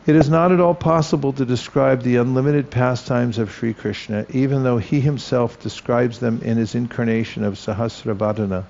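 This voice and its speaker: A man with a gravelly, creaky voice reads a devotional text aloud, slow and careful, going back over any passage he trips on. The recording sounds dull and lo-fi. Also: medium pitch, a little mellow. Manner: slow, careful reading that pauses to correct itself. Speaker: scripture reader.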